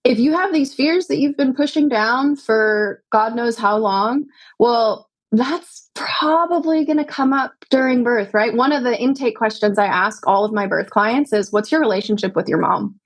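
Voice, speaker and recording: A woman with a slightly high-pitched voice speaks as a podcast guest, earnest and reflective. She often checks in with the listener with small tag questions. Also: measured pace, poor audio. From United States. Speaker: podcast guest, yoga teacher and doula. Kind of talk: conversational interview.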